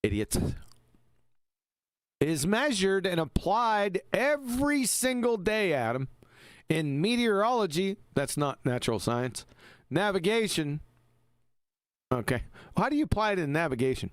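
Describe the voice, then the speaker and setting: A sarcastic man co-hosts a casual live stream, mocking and ranting. His pitch leaps up and down as he goes. The sound is dry and close. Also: big pitch swings, normal speed, no echo. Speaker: co-host.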